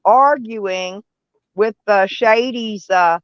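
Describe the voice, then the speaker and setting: A woman's voice: mid-range voice, drawn-out words, background noise. A woman, chatting casually and rambling on a live stream. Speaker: van life live streamer. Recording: dull, dry lo-fi sound.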